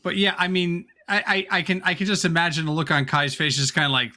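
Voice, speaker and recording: A man co-hosting a podcast, chatting casually with wry, quick reactions. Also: fairly high pitch, flat delivery, sharp tone. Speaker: podcast co-host. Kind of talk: casual chat.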